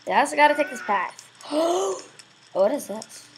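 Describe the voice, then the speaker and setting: Excitable woman swearing over gameplay. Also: a little high, quick pace, background noise. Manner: excitable, swears freely, loud sudden exclamations. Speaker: gameplay video host. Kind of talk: casual let's-play commentary.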